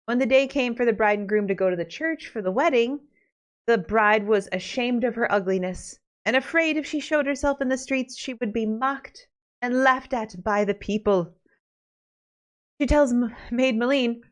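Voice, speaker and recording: A woman's voice: a little high, normal speed. A woman podcast host retelling a fairy tale in a chatty, casual way with joking asides. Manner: chatty, laughs between asides.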